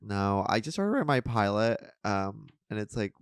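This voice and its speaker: A woman's voice: very deep voice, sing-song, normal speed, clean tone, no room sound. A woman co-hosting a podcast in casual chat, reacting with exclamations and laughs. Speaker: podcast host.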